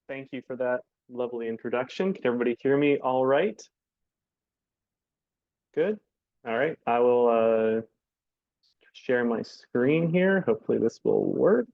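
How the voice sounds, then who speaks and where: A man presents a casual slideshow lecture as a birding guide, easygoing and peppered with ums and uhs. His voice sits at a middling pitch. The sound is dry and dull, as over a video call. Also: a little slow, gravelly, pauses often, no room sound. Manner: relaxed, frequent ums and uhs.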